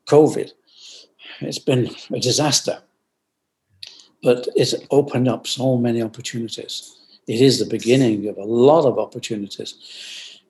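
A man's voice: medium pitch, fairly even intonation, measured pace, long pauses. Reflective older man on a video call. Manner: reflective, earnest, drops quietly into soft asides. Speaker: guest, company founder.

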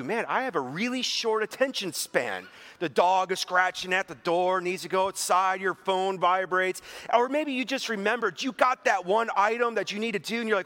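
A pastor with a high-pitched, sharp voice preaches a conversational sermon. He's chatty and full of rhetorical questions, and he acts out inner voices.

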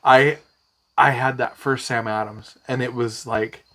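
Unhurried and medium-pitched, a podcast co-host tells a long, wandering story in a casual chat. He swears freely and brings animated energy to his anecdotes.

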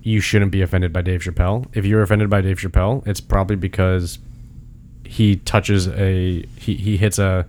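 A man's voice: little pitch movement, moderate pace, a little mellow, slight background noise. A man in casual podcast chat, arguing his opinions emphatically and pressing his points. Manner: argumentative, emphatic, pitch jumps when making a point.

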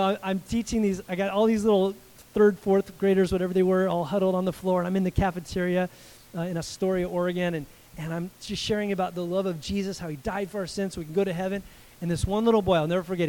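A man in his forties, a pastor giving a sermon in a conversational, animated way, with asides to the congregation. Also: high-pitched, a little fast, low-quality recording.

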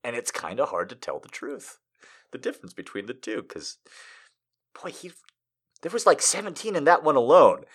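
A man's voice: mid-range voice, big pitch swings, moderate pace, long pauses, fairly bright tone, breathy edge. A man hosting a poetry show, reading poems aloud and chatting casually, laughing often between asides.

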